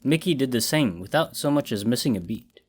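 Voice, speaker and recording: A man giving a scripted horror story narration in a measured, dramatic storytelling manner. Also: medium pitch, animated, slightly rough.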